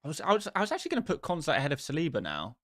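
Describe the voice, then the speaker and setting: Male stream host, fairly high voice, rambling and exasperated, self-mocking chat style. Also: huge pitch swings, racing, a bit bright, no room sound, studio quality. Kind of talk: casual live-stream chat commentary.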